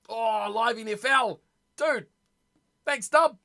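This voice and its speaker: A young man hosting a casual live-stream rugby watch party from home, chatty and excitable, reacting aloud to his chat. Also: very high voice, takes it slowly, long pauses. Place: home room.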